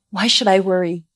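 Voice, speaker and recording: An actress voicing a proud young wife and mother in a dubbed drama, defiant and sharp. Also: medium pitch, no room sound. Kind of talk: dubbed short-drama acting.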